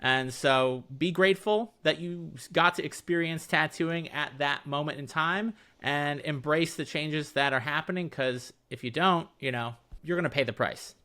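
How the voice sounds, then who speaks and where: A man's voice: on the high side, normal speed, few pauses, bright, forceful tone, smooth. A man in his thirties hosting a podcast, asking eager, probing questions and dropping "like" often. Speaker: podcast host. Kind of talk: casual podcast interview.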